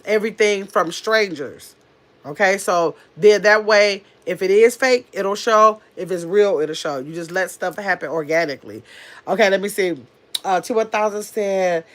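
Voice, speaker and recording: A woman hosting a casual livestream from her phone, reading out viewers' comments and answering them in a rambling, chatty way with plenty of fillers. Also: mid-range voice. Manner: says she talks fast. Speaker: livestream host reading chat. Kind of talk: casual chat.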